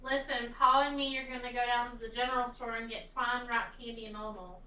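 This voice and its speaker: A woman's voice: a little high, fairly even intonation, a little fast, pushed and bright. A woman from the American South co-hosting a casual chat, with playful, teasing banter. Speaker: co-host. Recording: echoey room, distant from mic.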